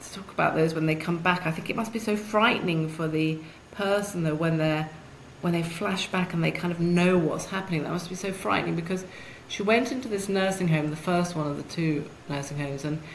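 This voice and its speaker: A British woman with a low voice, speaking as an interview guest. She talks in a thoughtful, reflective way. Her voice carries a roomy echo over faint background noise. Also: brisk. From United Kingdom. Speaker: guest, author and blogger. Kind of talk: conversational interview. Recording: echoey room with faint noise.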